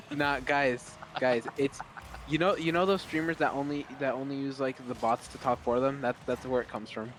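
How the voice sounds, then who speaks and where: A man's voice: mid-range voice, steady tone, measured pace, a little hiss or hum. A man with a pleasant, announcer-like radio voice, chatting casually with teammates during a game. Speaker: streaming teammate. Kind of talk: casual gaming chat.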